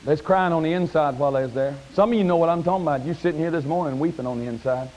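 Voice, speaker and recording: A man preaching a sermon in a church, folksy and plain-spoken, climbing to high shouted peaks. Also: racing, rough recording. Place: church sanctuary.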